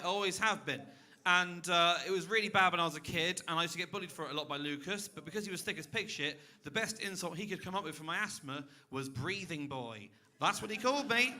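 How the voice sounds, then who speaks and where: Young male comic, fairly high bright voice, deadpan self-mockery on a club stage mic. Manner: dry, self-mocking, chatting with the crowd. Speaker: stand-up comedian. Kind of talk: stand-up comedy set. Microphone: handheld stage mic.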